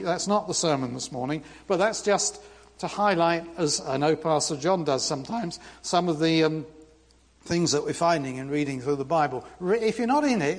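A man's voice: a little high, big-room sound. British man preaching with humor. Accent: British English. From Britain. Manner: humorous, lively reading with asides. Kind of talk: sermon. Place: church.

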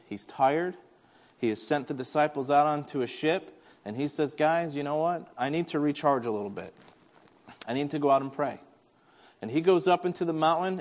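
A man's voice: fairly high pitch, long reverb tail. A man preaching a sermon as pastor, telling the story with animation and acting out the voices of the people in it.

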